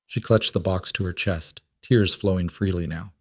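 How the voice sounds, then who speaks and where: A man with a fairly low voice narrates a frontier storybook in a steady, measured audiobook style. The recording is dry and close, with no room sound at all. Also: dry recording.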